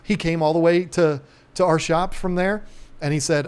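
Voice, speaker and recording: A man's voice: fairly high pitch, fairly even intonation, normal speed, a little mellow, clean tone. A man hosting a casual live stream, rambling in a folksy way with plenty of ums. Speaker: aquarium channel host.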